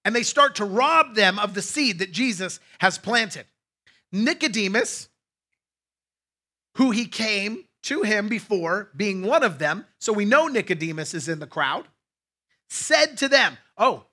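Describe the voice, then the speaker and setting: A man's voice: high voice, big pitch swings, measured pace, pushed and bright. A male pastor preaching a sermon in a conversational way, with asides to his congregation.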